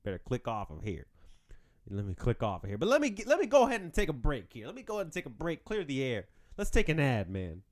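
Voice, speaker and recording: A man's voice: mid-range voice, huge pitch swings, fast talker. A man hosting a podcast on his own, joking and rambling in casual chat. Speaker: podcast host.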